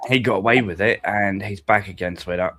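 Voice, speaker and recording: A man's voice: on the low side, brisk, sharp tone, no room sound, studio quality. Rambling sweary man. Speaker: live stream panelist. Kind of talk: casual stream chat.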